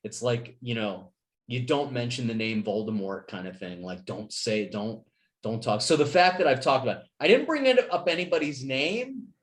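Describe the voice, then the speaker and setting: A man's voice: mid-range voice, expressive, normal speed. A man hosting a podcast, telling stories in casual chat, swearing freely and acting out his friends' lines. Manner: profane storyteller, acts out friends' voices. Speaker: podcast host.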